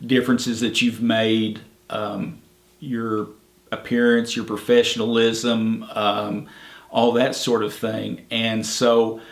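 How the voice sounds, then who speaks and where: Slowly and in a lowish, fairly flat voice, the park ranger shares his tales for an oral history project. He's middle-aged, easygoing and plainspoken, sprinkling in many fillers, while the room gives off an echo.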